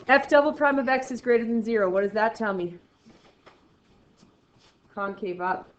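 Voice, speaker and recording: A woman's voice: a little high, moderate pace, lo-fi sound. A woman teaching a math lesson in a casual, encouraging way, often asking questions and answering them herself. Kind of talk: classroom lecture.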